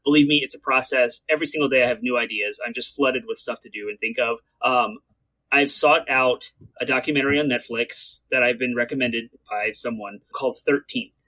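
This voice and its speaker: A man co-hosting a gaming podcast, talking earnestly and quickly in casual chat, urging listeners to act. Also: medium pitch, pushed and bright, rough recording. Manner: earnest, talks quickly to get through points. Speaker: podcast co-host.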